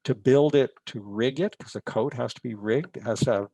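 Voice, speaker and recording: A man's voice: medium pitch, normal speed, mellow, husky, no echo, poor audio. A man, a visual effects supervisor, telling stories from film work in a webinar and acting out the exchanges he quotes. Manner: storytelling, acts out quoted exchanges. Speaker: VFX supervisor giving a webinar. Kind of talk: anecdotal lecture. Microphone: video call.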